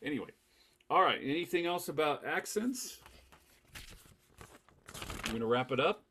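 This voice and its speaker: A man hosting a casual podcast chat, animated and laughing often as he leads the talk. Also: fairly high pitch, moderate pace, a little hiss or hum. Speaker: podcast host.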